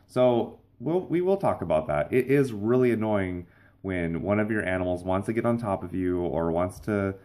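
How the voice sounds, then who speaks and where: A man's voice: sits low, lively intonation, moderate pace, a little mellow. Rambling young man hosting a vlog. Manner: playful, rambling storyteller. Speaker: vlog host. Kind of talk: casual vlog monologue.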